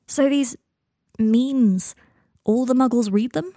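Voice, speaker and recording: A woman's voice: on the high side, slow pace, mellow, no room sound, clean studio sound, voice pushed up. A woman reading the part of a puzzled, careful young man in an audiobook fan-fiction reading. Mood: baffled.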